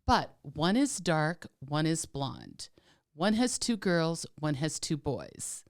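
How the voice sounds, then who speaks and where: Speaking slowly in a low voice with big swings in pitch, a woman co-hosts a podcast. Her casual talk is chatty, kind and teasing, full of "like" and "um".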